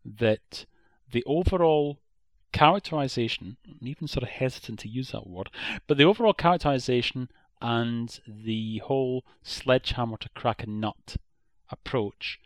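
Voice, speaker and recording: A man's voice: mid-range voice, moderate pace, dry recording. An Irish man co-hosting a podcast, giving a blunt, opinionated critique in a casual chat. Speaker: podcast co-host.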